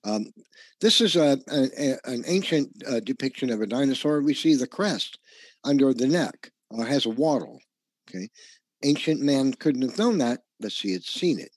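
A man's voice: mid-range voice, lively intonation, normal speed, dry recording. A man presenting a slideshow lecture in an earnest, insistent way, often stumbling and restarting his words.

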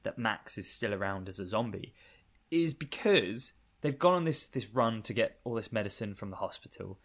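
A man's voice: lowish voice, expressive, moderate pace, fairly bright tone. A man co-hosting a podcast, recapping a film in casual chat, swearing freely, laughing often and rambling between points. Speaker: podcast co-host.

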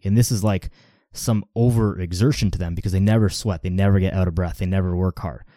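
A man's voice: deep voice, moderate pace, warm tone, dry recording. Man, casual podcast host, filler-heavy rambling, dry close sound. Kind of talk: casual solo podcast talk.

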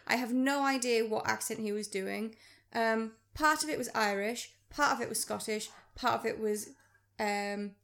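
Brief: female podcast co-host, slightly high voice, blunt and sarcastic. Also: moderate pace, fairly bright tone. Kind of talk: casual film review chat.

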